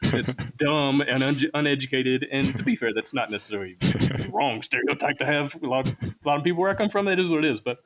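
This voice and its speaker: A young man from Alabama with a Southern American accent, hosting a casual interview and telling animated stories. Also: mid-range voice, quick pace. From Alabama, US Deep South. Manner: animated storyteller, acts out quotes. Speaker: podcast host.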